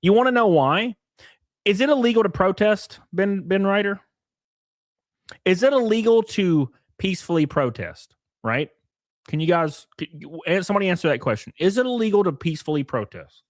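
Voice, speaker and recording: A man's voice: sits high, normal speed, no echo, clean studio sound. A man hosting a live stream, ranting with lots of swearing and reading out viewer chat messages. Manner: profane, animated ranting; reads viewer chat aloud.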